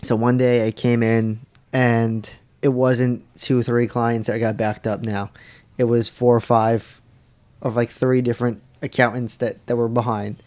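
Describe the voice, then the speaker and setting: A man with a medium-pitched voice speaks a little slowly as co-host of a casual podcast chat. He's an animated storyteller, swearing freely and acting out dialogue as he tells a story.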